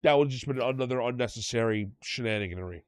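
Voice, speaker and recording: A man's voice: medium pitch, quick pace, smooth, no echo. A man hosting a casual podcast chat, rambling and correcting himself as he recounts details. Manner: rambling, self-correcting storyteller. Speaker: podcast host.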